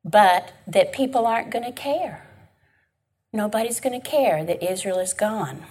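A woman's voice: mid-range voice, lively intonation, a little slow, darkish tone, husky. A woman leading an informal Bible class. She talks in a chatty, emphatic way and keeps checking in with her listeners. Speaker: Bible study teacher.

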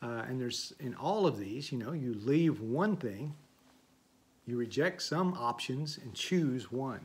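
A man's voice: medium pitch, animated, slow, slightly rough. A man preaching a sermon in a folksy, conversational way, with asides and stories. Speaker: pastor.

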